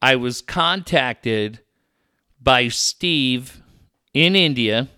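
Male podcast co-host, lively storyteller with a bright, sharp tone and a lot of swearing. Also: medium pitch, very slow, clear, resonant tone, no room sound, clean studio sound. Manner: animated storytelling, swears, laughs often. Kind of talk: casual banter.

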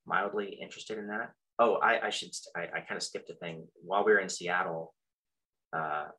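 A middle-aged man telling a personal story in a halting, reflective way, full of fillers and restarts, with soft self-deprecating chuckles. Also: low-pitched, low-quality recording. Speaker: practitioner sharing his story.

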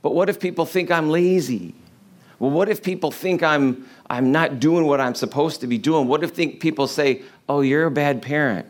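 A man's voice: a little high, moderate pace. A man preaching a sermon in a conversational way, asking the congregation rhetorical questions. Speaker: pastor.

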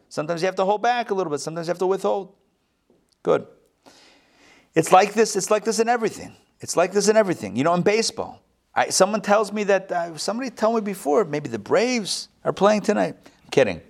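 A rabbi giving a live Torah class, animated, with joking asides and quick self-corrections. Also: male voice, sits high, vocal fry.

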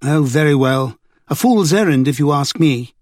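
A man's voice: a little high, lively intonation, moderate pace, a little mellow, no room sound, studio quality, close to an everyday voice. A man voicing a dismissive, sulky young woman in an audiobook. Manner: curt, sulky.

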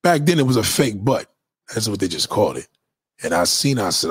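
A man's voice: lowish voice, sing-song, fairly quick, slightly rough, no echo. A man hosting a podcast, telling loose, profane stories and reacting to live comments in casual chat. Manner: loose, profane storytelling, lots of restarts. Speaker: podcast host.

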